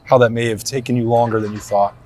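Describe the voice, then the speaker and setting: A man's voice: medium pitch, little pitch movement, fast, darkish tone. A man hosting a sports podcast, upbeat and joking, asking long rambling questions. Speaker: podcast host. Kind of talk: casual sports podcast chat.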